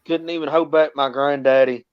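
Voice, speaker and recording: A man's voice: a little high, steady tone, normal speed, clear, resonant tone. Rambling man on lo-fi audio.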